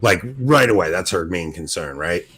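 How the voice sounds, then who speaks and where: Excited storytelling podcast guy. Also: low voice, moderate pace, husky. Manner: excited storyteller, animated, laughs often. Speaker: podcast co-host. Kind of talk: casual podcast chat.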